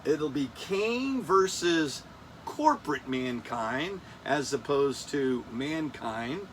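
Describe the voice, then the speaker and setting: A man in his fifties runs a casual countdown of collectible figures, wandering off track and joking at his own slips. His voice sits a little high for a man, and a faint hum runs under it. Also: big pitch swings, slow pace. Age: 50s. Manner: rambling, self-joking, loses his place. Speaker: toy collector host. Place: air-conditioned room.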